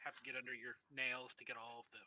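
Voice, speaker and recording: A man's voice: medium pitch, monotone, fast, heavy background noise. A man running a tabletop game as its game master, narrating loosely with lots of fillers and restarts.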